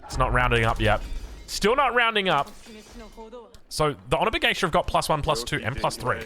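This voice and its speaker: Lively bright Australian male caster. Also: high voice, fast, soft background music. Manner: rambling, self-mocking asides. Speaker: game caster. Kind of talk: casual game commentary.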